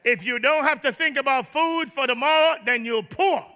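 A man preaching a sermon to his church, joking with the congregation and rising to shouts. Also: very high-pitched, normal speed, in a large hall. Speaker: pastor. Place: large church.

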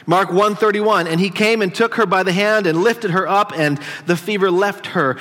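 A man's voice: sits high, moderate pace, hardly any pauses, fairly bright tone, long reverb tail. A male pastor preaching a conversational sermon in a church, teasing his congregation as he teaches. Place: church sanctuary.

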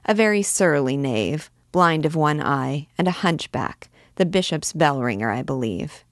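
Lady reading a swaggering young army captain guy, brash and sure of himself, lowish voice. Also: animated, measured pace, no echo, studio quality. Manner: bold, assured, swaggering.

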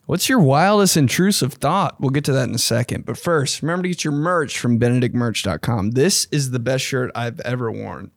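A young man hosting a casual podcast monologue, excitable and slangy, swearing freely and often jumping into high mocking voices. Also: brisk, gravelly, few pauses, no echo, studio quality. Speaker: podcast host.

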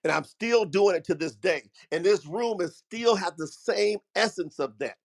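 A man's voice: sits high, normal speed, gravelly. A middle-aged man hosting a talk, telling a story with emphatic, preacher-like energy and calling his listeners family. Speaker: host. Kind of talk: motivational storytelling.

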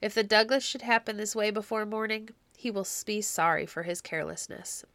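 A woman's voice: mid-range voice, fairly even intonation, brisk, fairly bright tone, no echo, close to an everyday voice. A woman doing a scoffing castle watchman. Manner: scoffing, brushing off worry. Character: scornful male castle watchman, dismissive and overconfident.

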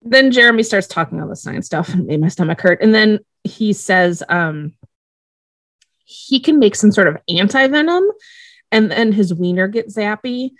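A woman's voice: mid-range voice, lively intonation, normal speed, no room sound, studio quality. A woman co-hosting a podcast, recapping a show episode in a casual, chatty way with wry asides and laughs. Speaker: podcast co-host.

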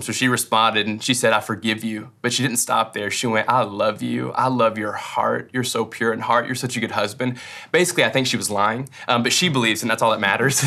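A young man preaching a sermon to his congregation, telling personal stories in a relaxed, self-deprecating way. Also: medium pitch. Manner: conversational, self-deprecating storytelling with laughs. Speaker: pastor.

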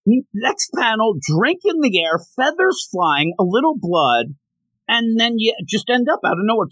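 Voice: medium pitch, very animated, moderate pace, a bit bright, no echo. A podcast co-host in casual chat, animatedly retelling comic panels and joking about them.

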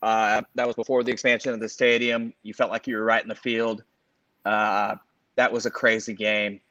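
A man's voice: fairly low pitch, normal speed, no room sound, lo-fi sound. Rambling man recalling big games. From Los Angeles area. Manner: rambling, filler-heavy, animated storytelling. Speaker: podcast co-host. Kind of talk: casual sports chat.

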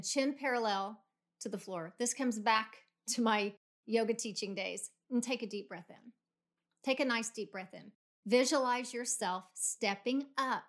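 A middle-aged woman hosting a motivational podcast, guiding listeners through a visualization and leading them in emphatic spoken affirmations. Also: on the high side. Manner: coaching, emphatic, builds to loud affirmations. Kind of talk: guided visualization pep talk.

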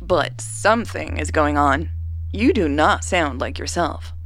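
A woman's voice: sits low, animated, unhurried, a bit bright, heavily acted. A woman doing a teasing, prying big sister. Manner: teasing, probing.

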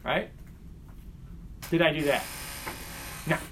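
Middle-aged male teacher, higher voice, lively classroom lecture with faint room hum. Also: takes it slowly. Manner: animated, asks the class questions.

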